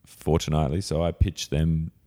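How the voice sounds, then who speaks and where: An Australian man chatting casually as a podcast guest, relaxed and chuckling, trailing off with fillers. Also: rumbling low, normal speed. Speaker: podcast guest, comedian and actor. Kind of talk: casual chat.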